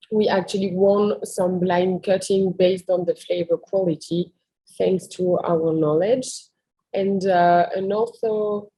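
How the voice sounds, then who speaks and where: French lady presenting a webinar, mellow husky voice, chatty with lots of ums. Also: mid-range voice, low-quality recording. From France. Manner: conversational, with frequent "um" and "uh" fillers. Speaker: product presenter.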